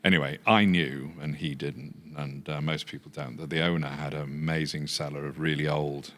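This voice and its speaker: An older man from Yorkshire, a business founder telling relaxed anecdotes with many fillers. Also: extremely low pitch, normal speed. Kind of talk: anecdotal chat.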